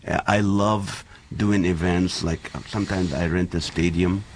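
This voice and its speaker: A man in his forties, a comedian guest on a chat show, who talks in an animated, joking way. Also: low voice, a little slow, slight background noise. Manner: animated and joking, laughs often. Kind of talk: casual chat with comic bits.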